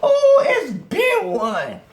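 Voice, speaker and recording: A man voicing a loud, angry young woman who yells threats and complaints in a shrill, whiny voice. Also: wildly swooping pitch, drawn-out words, creaky, background noise, heavily acted. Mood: angry whining. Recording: roomy echo.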